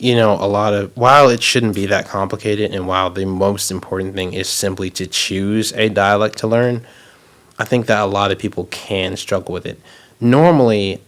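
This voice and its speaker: A male podcast host who explains his points carefully and at a measured pace. His voice sits somewhat low and stays fairly flat, with little rise and fall. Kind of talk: podcast conversation.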